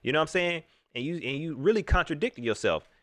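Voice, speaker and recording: A man's voice: fairly high pitch, fast talker, no echo. A man hosting a live reaction stream, mocking and laughing as he comments on a clip. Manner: animated, laughing, mocking banter. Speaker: livestream host.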